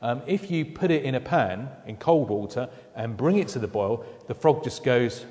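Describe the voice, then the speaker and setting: A man's voice: medium pitch, expressive, normal speed, a little mellow. Conversational male preacher in a reverberant hall. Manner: conversational with dry humorous asides. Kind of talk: sermon.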